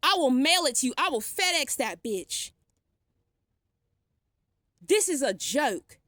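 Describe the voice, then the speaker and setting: A woman's voice: sits high, very animated, takes it slowly, bright, forceful tone, dry recording, studio quality. A woman vlogging a defiant, sarcastic rant, blunt and swearing freely. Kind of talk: ranting vlog monologue.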